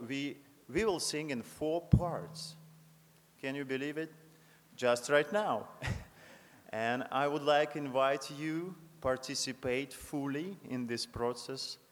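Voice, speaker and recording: A man, a choir director teaching a congregation to sing, speaking in halting, friendly, broken English. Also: mid-range voice. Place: large chapel. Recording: long hall reverb.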